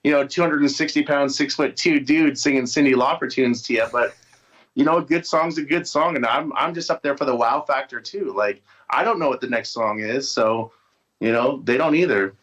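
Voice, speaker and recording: Speaking at normal speed in a mid-range, a bit bright voice, a male musician guest rambles casually through a video-call interview. Frequent restarts and fillers mark his speech, heard through dull lo-fi audio.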